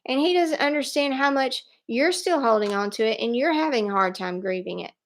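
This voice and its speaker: A woman giving a live tarot reading, speaking in an animated, emphatic way and laughing often. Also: fairly high pitch, a little fast. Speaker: tarot reader.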